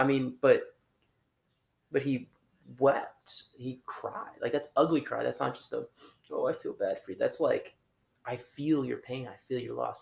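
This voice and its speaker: Casting: male preacher with a strong gravelly rasp, informal and halting, full of restarts. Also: medium pitch, reverberant. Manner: conversational, halting, many restarts and fillers. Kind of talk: informal sermon.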